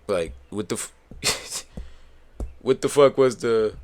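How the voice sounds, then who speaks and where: A man giving profane reaction commentary, heated and swearing, with sudden loud outbursts. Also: lowish voice, slow, pauses often.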